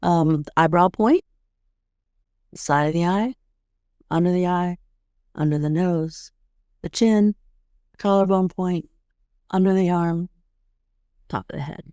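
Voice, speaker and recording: A middle-aged woman hosting a podcast, calmly guiding listeners step by step through a tapping routine and often checking in with "right?". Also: lowish voice, slow, pauses often, no echo. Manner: calm, guiding, demonstrates steps. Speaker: podcast host and tapping coach. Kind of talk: instructional podcast talk.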